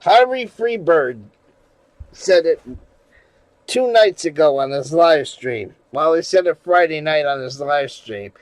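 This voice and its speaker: A man live streaming in casual chat, rambling and swearing, going from mumbles to loud rants. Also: a little high, expressive, slow, no echo, poor audio. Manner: rambling, profane, shifts from mumbling to loud ranting.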